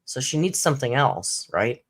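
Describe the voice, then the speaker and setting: A woman with a bass voice and a breathy edge speaks expressively at a moderate pace while hosting a casual live stream. The YouTube commentary host tells stories in a chatty manner, laughs often, and acts out others' words.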